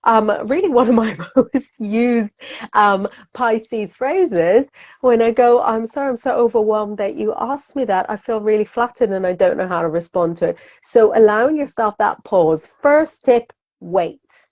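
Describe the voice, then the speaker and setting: A woman's voice: on the high side, measured pace, a little mellow, lo-fi sound. A woman, a psychic guest, talking animatedly in an interview, laughing often and acting out inner voices in quotes. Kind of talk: conversational interview.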